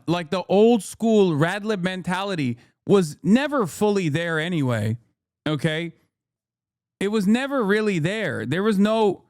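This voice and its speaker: A man talks through news clips in a blunt, profane streamer style. His voice sits fairly high, and he keeps coming back to disbelief. The recording is dry and close, with no room echo. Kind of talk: casual political commentary.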